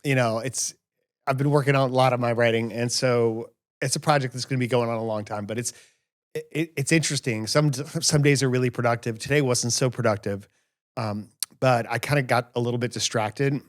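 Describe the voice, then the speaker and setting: A man hosting a casual family podcast, telling stories in an animated, self-mocking way. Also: mid-range voice, fairly quick. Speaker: podcast host. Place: home podcast studio.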